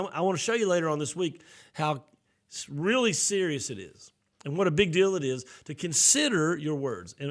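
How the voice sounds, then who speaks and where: A middle-aged pastor with a fairly high-pitched voice preaches a live-streamed sermon, speaking conversationally to his online viewers. He often repeats and restarts phrases as he goes.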